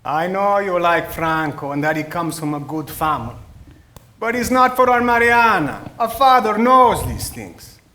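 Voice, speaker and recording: A man's voice: sits high, expressive, unhurried, sharp tone, reverberant, exaggerated voice. A man playing a teasing, stubborn Italian immigrant father with an Italian accent, in stage play acting. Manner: teasing, exclaiming with Italian phrases.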